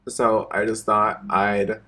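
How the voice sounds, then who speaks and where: A man vlogging an emotional personal confession to his viewers, halting and repeating himself and swearing often. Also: fairly low pitch, little pitch movement, pushed and bright, breathy edge.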